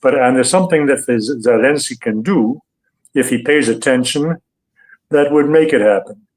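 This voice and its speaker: Deliberate older male analyst. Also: medium pitch, a little mellow, rough recording. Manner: deliberate, hesitant, with many fillers. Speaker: guest analyst. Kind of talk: interview analysis.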